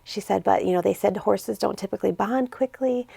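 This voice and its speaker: A woman's voice: medium pitch, brisk, creaky, husky, dry recording. A woman, a nonprofit founder, talking earnestly and with feeling in a casual interview, acting out what others said. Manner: earnest and emotional, quotes others in lively voices. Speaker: nonprofit founder and CEO, guest.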